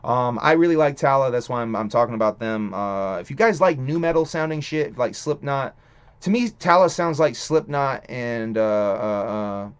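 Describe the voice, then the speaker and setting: A man's voice: mid-range voice, lively intonation, moderate pace, smooth. A young man hosting a live stream, rambling casually with lots of cursing and loose restarts. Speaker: streamer host. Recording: dull lo-fi stream audio.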